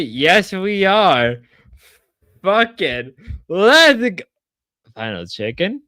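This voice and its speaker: A man's voice: a little high, a bit bright, smooth, no room sound. A drunk man livestreaming in casual chat, rowdy and rambling, whooping between lines.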